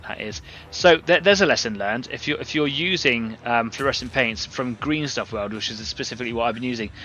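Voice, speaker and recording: A man's voice: medium pitch, sharp tone. A man hosting a live painting stream, talking casually and rambling as he works and greets viewers from the chat.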